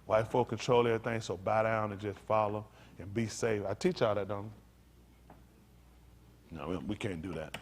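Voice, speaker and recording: A male pastor preaching a sermon in a folksy style, calling out to his congregation and swinging from loud, high bursts down to low, quiet lines. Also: moderate pace, pauses often. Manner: animated preaching, leaps high and loud for emphasis, then drops low; folksy vernacular, calls out to the congregation. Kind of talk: sermon teaching.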